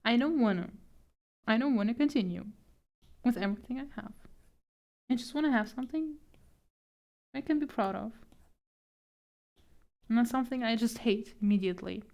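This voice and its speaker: A woman's voice: a little high, expressive, moderate pace, vocal fry, pauses often, mellow, dull audio. A young woman art streamer chatting casually while she draws, laughing often, flustered and self-deprecating. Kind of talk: casual chat while drawing.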